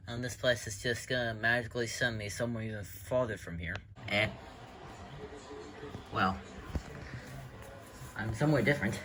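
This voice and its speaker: A man's voice: fairly low pitch, normal speed, pauses often. Sarcastic young man, noisy amateur recording. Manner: sarcastic, rambling, stammering restarts. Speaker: amateur voice actor. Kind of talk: fan animation voice acting. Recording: loud background noise with typing clicks.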